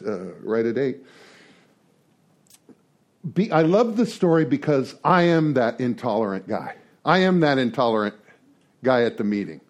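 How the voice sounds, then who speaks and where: A man speaking informally to a recovery group, joking and repeating words as he thinks aloud. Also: medium pitch. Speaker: speaker leading a twelve-traditions study series.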